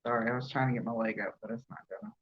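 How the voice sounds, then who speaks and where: Speaking rapid-fire in a bass voice with lively intonation, this Alabama-born podcast host with a Southern accent chats casually on a livestream, laughing a lot as she responds to viewers. The audio is dull and lo-fi with slight background noise.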